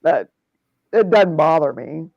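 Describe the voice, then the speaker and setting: A woman's voice: low-pitched, expressive, takes it slowly, creaky, darkish tone, no room sound, muffled recording. A middle-aged woman in casual chat, frank and laughing often.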